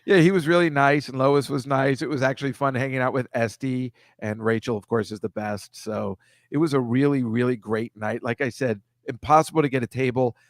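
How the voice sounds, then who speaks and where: A man's voice: mid-range voice, fairly even intonation, no room sound, studio quality. Man in a casual comedy chat. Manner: friendly, rambling, quick laughs. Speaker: co-host.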